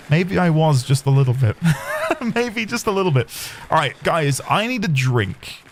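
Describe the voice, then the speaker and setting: A male game streamer chats with his viewers in a lively, sing-song way. His pitch sits a little high, and faint room ambience hums behind him. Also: a little slow, background noise. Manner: chatty, rambling, talks to chat. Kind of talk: casual gameplay streaming.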